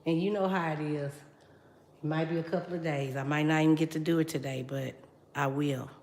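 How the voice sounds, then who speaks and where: A woman's voice: low voice, steady tone, fairly quick, darkish tone, reverberant. A middle-aged woman, chatting casually with her livestream viewers while she cooks. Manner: chatty, talks straight to viewers, reads out comments. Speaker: livestream host. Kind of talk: casual live chat while cooking. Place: home kitchen.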